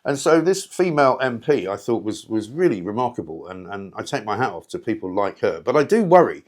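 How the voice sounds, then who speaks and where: Sardonic talk-show host, rambling. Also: male voice, on the low side, very animated, fairly quick. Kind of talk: opinionated solo talk monologue.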